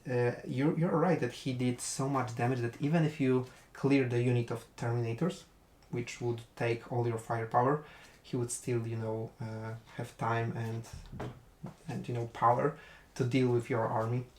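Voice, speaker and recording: Male commentator, casual post-game chat, mid-pitched and halting, roomy recording. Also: flat delivery. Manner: thoughtful, hesitant with fillers, breaks into laughter.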